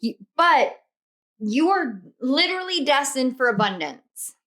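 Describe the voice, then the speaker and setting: A woman with a fairly high voice gives a casual tarot reading to camera. She gushes with affection and circles back to the same encouragements again and again. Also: sing-song, a little slow, fairly bright tone. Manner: effusive, affectionate, repeats encouragements. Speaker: tarot reader.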